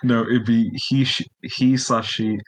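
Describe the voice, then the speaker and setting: A man as a podcast guest in casual chat, wry and deadpan, poking fun at himself. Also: medium pitch, unhurried, rough recording.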